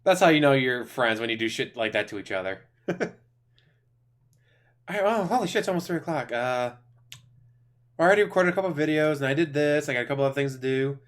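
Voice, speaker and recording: A man's voice: medium pitch, fast talker, pauses often. A man streaming casual reaction commentary, mocking and laughing as he tells stories and swears freely.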